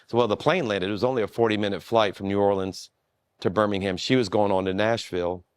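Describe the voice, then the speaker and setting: A man who is a pastor, telling a story in a relaxed, self-deprecating way with frequent restarts. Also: on the low side, fast talker, clear, resonant tone, dry recording. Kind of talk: storytelling in a conversation.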